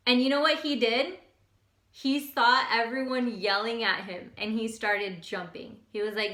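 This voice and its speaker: A high, bright woman's voice delivers a motivational talk with energy and emphasis, often repeating herself to drive a point home. She speaks in a casual, direct way. An echoey room surrounds her voice. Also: a little slow. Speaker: motivational host.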